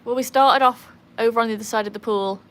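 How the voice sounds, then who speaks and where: A woman chatting casually on a livestream from beside a backyard pool, breaking into a high sing-song voice to praise her dog. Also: steady tone, quick pace, fairly bright tone. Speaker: livestream host and dog owner. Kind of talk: casual live chat. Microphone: phone.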